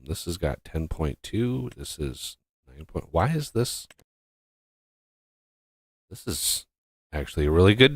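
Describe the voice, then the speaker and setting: A man talks through a farming game in an unhurried, rambling way. His pitch swings widely as he talks, and his voice is bright and forward. The sound is dry and close, with little room in it. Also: no room sound. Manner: rambling, full of fillers and restarts. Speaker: gameplay streamer. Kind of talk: casual gameplay commentary.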